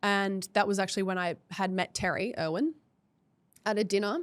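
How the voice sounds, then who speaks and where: An Australian woman chatting as a podcast guest, telling stories in a lively way and acting out what others said. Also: medium pitch, moderate pace, dry recording. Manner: animated storyteller, acts out quotes. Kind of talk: casual chat.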